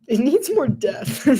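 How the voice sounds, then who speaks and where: A young woman from Florida with a high, mellow, husky voice chats casually on a live sports stream over a game. Giggly and talkative, she laughs often, leans on "like," and acts out quoted voices.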